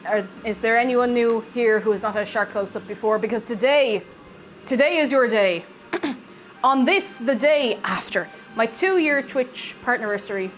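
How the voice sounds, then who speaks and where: A woman's voice: a little high, moderate pace, soft background music. A woman chatting casually with her live-stream chat while baking in her home kitchen, bubbly and reading out and answering messages.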